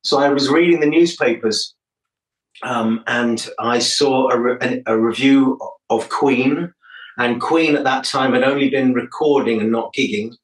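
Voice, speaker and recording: The roomy, distant recording captures an older musician being interviewed casually, trading jokey anecdotes and laughing often. His voice is medium-pitched and his pace a little slow.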